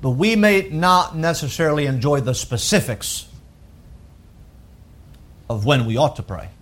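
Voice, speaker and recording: A man who is a pastor, preaching a sermon with emphatic rises and hushed drops. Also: on the high side, unhurried. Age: adult with wife and children. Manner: emphatic preaching with wide swings from loud to hushed.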